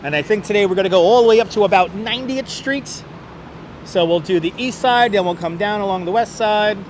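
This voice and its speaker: New york guy streaming a walking tour, high-ish voice, clip mic, light traffic hum behind. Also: brisk. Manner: upbeat, greets chat viewers by name, chatty. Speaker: livestream walking-tour host. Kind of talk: casual live-stream chat with viewers. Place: outdoors on city streets. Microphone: wireless clip-on mic. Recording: faint street traffic noise. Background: faint city traffic.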